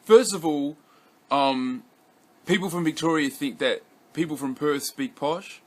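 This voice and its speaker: A young man from Western Australia rambles loosely through a casual vlog, swearing heavily and restarting sentences with lots of fillers. His voice is fairly high and his pace measured, with a faint hiss or hum in the background.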